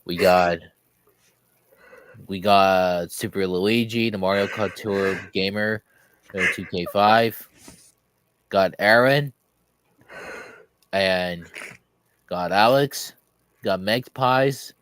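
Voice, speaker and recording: A man with a fairly low voice talks at an unhurried pace. He sounds reassuring, pausing over fillers and restarting his sentences. The sound is dry and close. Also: fairly even intonation, a bit bright, clean tone, no room sound.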